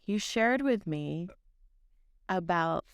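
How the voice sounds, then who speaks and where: A woman's voice: fairly low pitch, expressive, slow, clean tone, dry recording. A woman co-hosting a podcast, bantering playfully with her co-host and guest.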